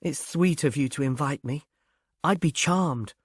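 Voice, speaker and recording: A man voicing a poised young woman who speaks briskly with dry amusement. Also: fairly high pitch, slightly rough, no echo. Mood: warm, kind. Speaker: reader.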